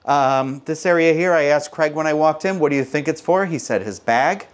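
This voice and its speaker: A man's voice: on the high side, moderate pace. Chatty man giving a joking room tour. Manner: chatty and jokey, self-mocking asides. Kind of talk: casual walk-through vlog.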